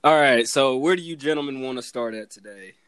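A man's voice: mid-range voice, fairly quick, a bit bright, clear, resonant tone, no room sound. A man hosting a casual podcast chat with friends, joking, laughing and cussing as he talks. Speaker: podcast host.

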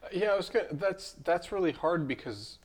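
A man's voice: high-pitched, lively intonation, a little fast. A man hosting a podcast, reflecting thoughtfully and thinking aloud in casual chat. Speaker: podcast host.

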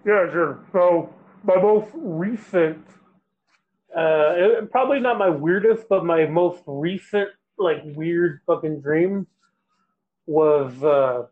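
A young man telling a long story in a casual chat, rambling and halting, acting out the voices of the people in it. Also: a little high. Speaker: guest. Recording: tinny phone-like line.

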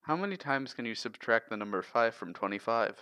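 A man co-hosting a casual podcast, reading long riddles aloud in a steady listing way. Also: medium pitch, a little fast, smooth, no echo. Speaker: podcast co-host.

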